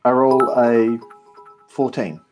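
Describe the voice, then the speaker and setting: A man's voice: medium pitch, slow pace, music in the background. A man playing a tabletop role-playing game, thinking aloud in a tentative, casual way. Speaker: player.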